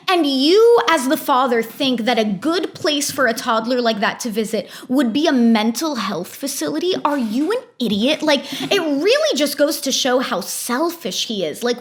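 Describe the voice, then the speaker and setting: A woman's voice: high voice, a bit bright. Chatty opinionated woman recapping reality TV. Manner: opinionated, chatty, exasperated asides. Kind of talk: casual recap commentary.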